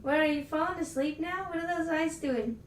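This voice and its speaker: A woman's voice: high voice, moderate pace, slight background noise. A woman hosting a home livestream, talking playfully to her cats and greeting viewers. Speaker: livestream host. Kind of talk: casual chat playing with her cats. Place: indoor room at home. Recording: echoey room, mic far off.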